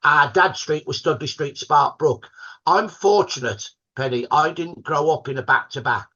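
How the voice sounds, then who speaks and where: A man's voice: on the high side, moderate pace, sharp tone, slightly rough, muffled recording. An older man with a Birmingham accent, telling stories as a guest in a podcast interview, proud and fond of local dialect words. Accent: Birmingham (Brummie). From Birmingham, England. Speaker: guest historian.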